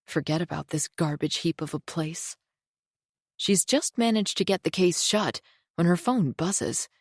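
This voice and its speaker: A woman narrates a scripted thriller audiobook in a tense, measured storytelling voice of fairly low pitch. The recording is dry and the studio sound clean.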